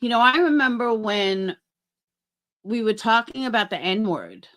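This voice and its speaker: A woman's voice: a little high, sing-song, unhurried, fairly bright tone. A middle-aged woman chatting on a livestream, rambling and swearing as she talks to her chat by name.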